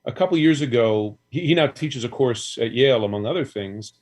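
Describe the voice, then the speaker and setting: A man's voice: medium pitch, lively intonation. Man chatting as a talk-show guest. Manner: conversational, quick with fillers. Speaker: guest, news anchor. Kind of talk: casual chat.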